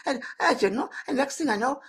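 A man voicing a bewildered elderly woman spirit, in a high, fluttery, wondering voice. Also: lively intonation, a little fast, a bit bright, husky, heavily acted.

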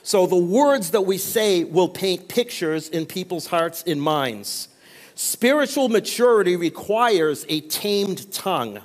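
A man's voice: sits high, expressive, takes it slowly. A man preaching a sermon as pastor, asking the congregation for amens between points. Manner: call-and-response preaching, frequent amens. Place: church sanctuary. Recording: long reverb of a church hall.

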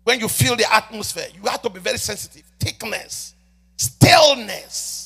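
A man preaching a sermon as a prophet, swinging between loud shouts and soft murmured prayer and repeatedly addressing the congregation. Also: high voice, expressive, normal speed, creaky, slightly rough, faint music behind. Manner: repeats "ladies and gentlemen" often.

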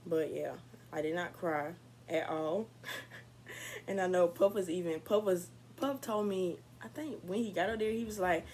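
A young woman talks to her camera in a chatty, candid, upbeat way. Her voice sits a little low for a woman. A faint hiss runs under the recording. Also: a little slow, a little mellow, poor audio. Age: young adult. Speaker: vlogger. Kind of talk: casual vlog talk to camera.

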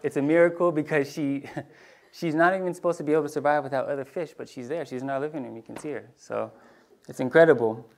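A man preaching in a casual storytelling way, acting out voices in his anecdotes and dropping to a hushed tone for tender moments. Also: fairly high pitch, steady tone, quick pace. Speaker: pastor. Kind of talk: storytelling sermon.

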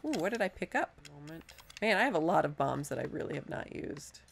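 Woman let's-play host, lowish voice, talking through her game in a chatty, self-mocking way. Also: sing-song, fairly quick, vocal fry, a little hiss or hum. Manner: chatty, self-deprecating, thinks aloud. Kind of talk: casual gameplay commentary.

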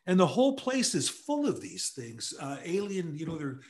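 An older man from Canada, a guest telling anecdotes casually, animated and quick to laugh. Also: on the high side. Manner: animated storyteller who acts out quotes, laughs often. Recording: echoey room.

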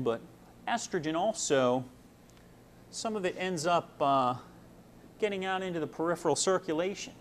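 A young man walks through a lesson in a relaxed, conversational way, reaching for everyday comparisons. His voice sits at an ordinary middle pitch and is broken up by frequent "uh" pauses. A faint hiss sits under the recording. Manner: casual, uses homely analogies, frequent "uh". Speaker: medical student presenter. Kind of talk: explanatory lecture.

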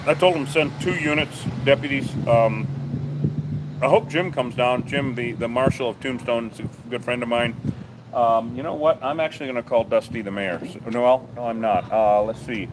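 A man who runs a bee removal business, livestreaming from a busy town street in a profane, rambling, excitable way. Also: mid-range voice, normal speed. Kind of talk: casual livestream narration on site. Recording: noisy outdoor street recording.

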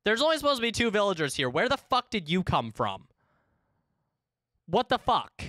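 A woman in her twenties, chatting casually and excitably with viewers while streaming a game, swearing freely. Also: mid-range voice, normal speed, no room sound, studio quality. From United States. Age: 20s. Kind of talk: casual live-stream chat.

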